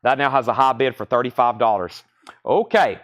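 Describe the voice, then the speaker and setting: A man's voice: mid-range voice, animated, normal speed, a bit bright. A man from the American South with a Southern accent, hosting a live-stream vinyl record sale from a record shop. He reads out album titles, bids and prices between chatty asides. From Southern United States. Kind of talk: live-stream auction chat.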